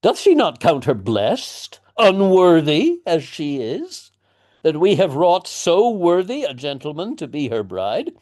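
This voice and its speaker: A man reading the part of a blustering, pompous father who coaxes his daughter in a slow, sing-song voice. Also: a little high, huge pitch swings, a little mellow, pitched above the performer's own voice. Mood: indignant. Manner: slow, sing-song coaxing like talking to a toddler. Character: blustering middle-aged father, pompous patriarch.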